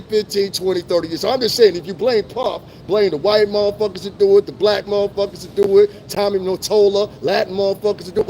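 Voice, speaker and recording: A man's voice: sits high, quick pace, hardly any pauses, a little mellow, slight background noise. A middle-aged man chatting loosely to his live-stream viewers on a city street, full of swearing and laughter. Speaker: livestream host.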